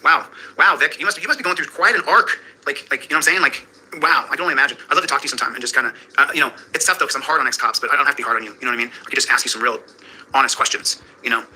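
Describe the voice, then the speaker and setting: A man's voice: mid-range voice, rapid-fire, sharp tone, breathy edge, low-quality recording. A man streaming live, rambling casually and addressing viewers by name. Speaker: livestreamer. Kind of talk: casual chat.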